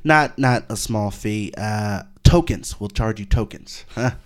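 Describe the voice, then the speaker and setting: A man's voice: on the low side, a little slow. A man hosting a radio show in a loose, joking, rambling way. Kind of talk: casual radio chat.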